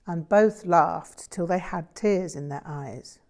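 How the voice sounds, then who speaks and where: A woman reads a memoir aloud, steady and measured in her delivery. Her voice sits lower than most women's, and she takes her time. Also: creaky. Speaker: audiobook reader.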